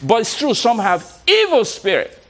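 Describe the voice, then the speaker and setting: High, lively-voiced male motivational coach. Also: normal speed. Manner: animated, laughs often, repeats words, coaxes the audience. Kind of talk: motivational talk to a live audience.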